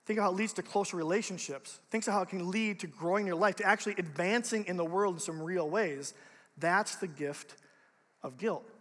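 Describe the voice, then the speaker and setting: High-voiced young man preaching in a hall. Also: brisk. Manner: casual, animated, conversational preaching. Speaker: youth pastor. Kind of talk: youth sermon. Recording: long reverb of a large hall.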